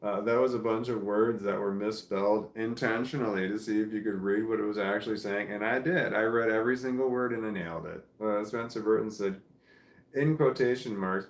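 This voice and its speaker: A man's voice: on the low side, fairly quick. A man hosting a live stream, reading viewer comments aloud in casual chat and chuckling often. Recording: echoey room.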